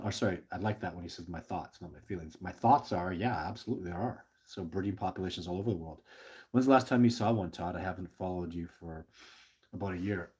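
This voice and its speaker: A man's voice: low voice, a little mellow, breathy edge. A middle-aged man hosting a casual livestream, rambling passionately with many restarts while reading viewer questions, short on sleep. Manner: rambling, earnest, with many restarts and stammered repeats; passionate and emotional. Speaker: livestream host.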